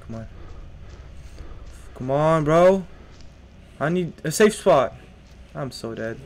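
A man's voice: fairly high pitch, lively intonation, slow, long pauses. Jittery young man playing a horror game. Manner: jittery, scared, talks to himself and the monster; slangy, keeps saying bro. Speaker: gaming streamer. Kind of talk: horror game let's play commentary.

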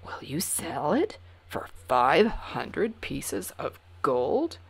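A woman voicing a stern, booming storybook king. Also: very animated, very slow, gravelly, husky, exaggerated voice. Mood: regal. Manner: commanding, exclamatory. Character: stern but delighted old king.

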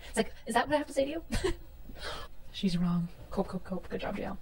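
A woman streamer with a fairly high, expressive, creaky voice and a darkish tone rants heatedly at a quick pace, leaving long pauses. She sounds exasperated, profane and lecturing, caught on a distant mic with faint room noise.

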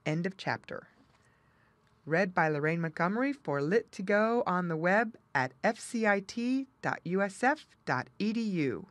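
A woman reading a children's audiobook aloud with lively, expressive storytelling. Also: mid-range voice, moderate pace, few pauses, no room sound. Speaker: audiobook reader.

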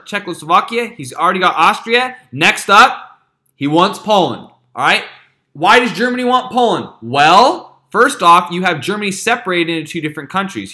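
Bright-voiced, chatty male history teacher. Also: high-pitched. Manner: casual and chatty, with frequent check-ins. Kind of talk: classroom history lecture.

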